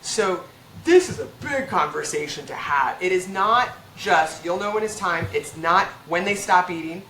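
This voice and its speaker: A woman veterinarian speaking frankly and casually as a podcast guest, talking in quick bursts with restarts. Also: lowish voice, expressive, a bit bright. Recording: echoey room with faint background hum.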